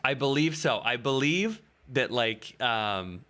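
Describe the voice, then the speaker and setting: A man co-hosting a podcast in casual chat, deadpan and hesitant, making dry jokes. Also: medium pitch, slow pace. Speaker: podcast co-host.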